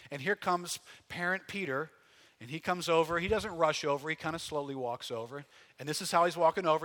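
A man's voice: a little high, sharp tone, long reverb tail. A man preaching a sermon as pastor in a church, talking in an earnest, conversational way with frequent restarts. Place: church sanctuary.

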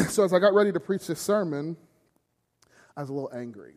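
A man's voice: on the high side, expressive, brisk, a little mellow. A middle-aged man preaching a sermon, telling family stories with self-deprecating humor. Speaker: pastor. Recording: long hall reverb.

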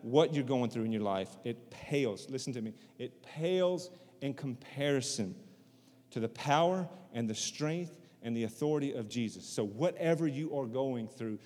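A man's voice: medium pitch, lively intonation, moderate pace, darkish tone, long reverb tail. A man preaching a sermon in a conversational way, repeating phrases for emphasis. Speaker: pastor.

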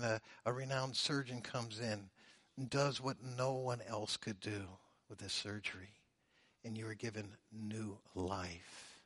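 A man preaching a sermon, swinging between loud, drawn-out emphasis and hushed, low phrases. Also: dry recording. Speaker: pastor.

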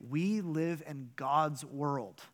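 A man, a pastor, delivering a sermon with animated, emphatic storytelling and rhetorical questions. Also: a little high, extremely slow.

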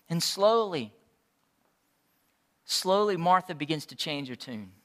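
A man's voice: fairly high pitch, expressive, takes it slowly, long pauses, fairly bright tone. A man preaching a passionate sermon, retelling scripture dialogue with rising intensity. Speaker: pastor. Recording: large hall reverb.

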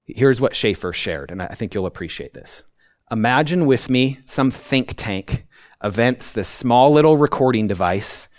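A male pastor giving a conversational sermon, often checking in with "right?" and acting out quotes with sudden high outbursts. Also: dry recording, clean studio sound. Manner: conversational preaching, tags points with "right?".

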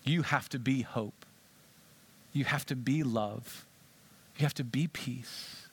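A male pastor giving an animated sermon, acting out conversations with a volunteer on stage. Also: mid-range voice, takes it slowly, breathy edge.

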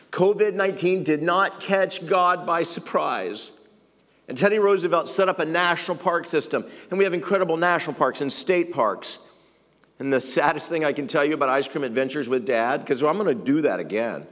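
A man's voice: on the high side, normal speed, a bit bright. A middle-aged man preaching a sermon as pastor, conversational, emphatic and self-deprecating. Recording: long reverb of a large hall.

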